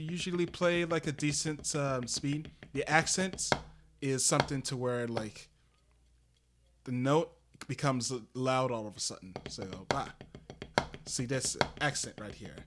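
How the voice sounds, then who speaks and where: Guy doing a slow drum lesson on stream, lots of ums and restarts, noisy mic in the background. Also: mid-range voice. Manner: halting, with many fillers and restarts, explaining step by step. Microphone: desk microphone that peaks on loud drum hits.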